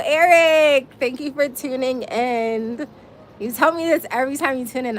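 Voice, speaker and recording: A woman's voice: medium pitch, a little hiss or hum. A woman in her forties from Massachusetts, hosting a casual livestream and chatting with viewers by name. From Springfield, Massachusetts, US. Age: 40s. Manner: chatty, reads viewer names aloud and laughs often. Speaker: livestream host. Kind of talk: casual livestream chat reading comments.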